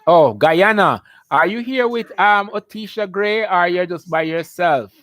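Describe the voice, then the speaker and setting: A man's voice: high voice, lively intonation, measured pace, a bit bright, dry recording. A Jamaican man, a biology teacher, hosting a live-stream lesson, chatty and upbeat as he greets viewers by name.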